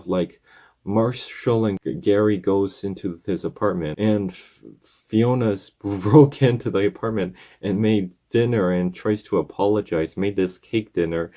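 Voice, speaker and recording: A man's voice: on the low side, warm tone. A man casually recapping a cartoon episode, rambling and acting out characters' lines.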